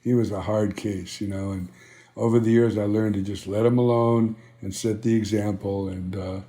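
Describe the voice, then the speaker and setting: A man's voice: lowish voice, fairly even intonation, normal speed, warm tone. An older man telling stories as an interview guest, rambling and filling with "you know" as he acts out old conversations. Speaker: interview guest, band founder. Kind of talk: conversational storytelling.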